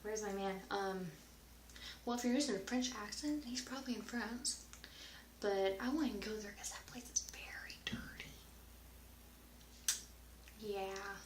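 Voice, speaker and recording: Woman, casual vlog Q&A, rambling chatter, slips into whispers, mid pitch, roomy echo. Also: a little slow, pauses often, slight background noise. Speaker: vlogger answering viewer questions.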